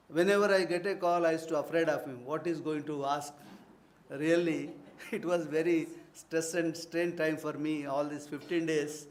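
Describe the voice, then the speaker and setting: Speaking a bit high, a man offers ceremonial thanks at a university conference. Earnest, formal wording carries most of it, interrupted now and then by affectionate anecdotes.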